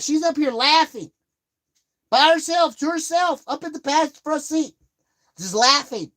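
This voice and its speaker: A man's voice: very high voice, animated, moderate pace, a bit bright. A man telling a rambling, profanity-heavy story on a live stream, getting heated as he retells a grievance. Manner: profane, rambling, swears constantly.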